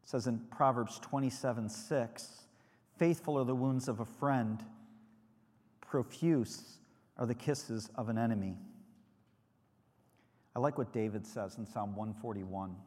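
A pastor delivers a conversational sermon in a reverberant church sanctuary, asking the congregation questions. His medium-pitched voice has a darkish tone, and he speaks unhurriedly with frequent pauses.

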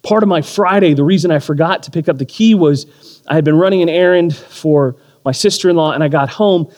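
A male pastor in his thirties delivers a sermon in a lively storytelling way, poking fun at himself as he goes. His voice sits a little high for a man. Long reverb trails off each phrase in the hall. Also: a little fast. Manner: animated storytelling with self-deprecating humor. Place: church or community hall.

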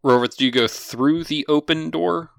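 A man running a tabletop game as game master, narrating monsters and guards in a casual, lively way and swearing freely. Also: a little high, normal speed, vocal fry, no echo, studio quality.

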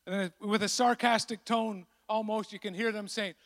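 High-voiced preaching man in a reverberant hall. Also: brisk, few pauses. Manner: animated, acts out voices of the disciples. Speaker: pastor. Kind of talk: sermon.

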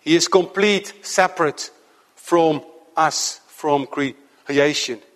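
A man preaching a sermon to his congregation in an earnest, measured way, slowing down to stress key points. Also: a little high, fairly bright tone, long reverb tail. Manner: earnest, measured preaching with slow emphatic stretches.

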